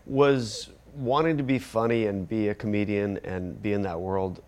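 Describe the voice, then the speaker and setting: Man, interviewer, somewhat low voice, attentive, short affirmations. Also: steady tone, moderate pace, darkish tone. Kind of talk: casual interview conversation.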